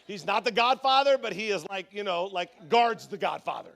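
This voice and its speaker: Male pastor, high voice, animated conference sermon storyteller who acts out the voices. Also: normal speed, creaky.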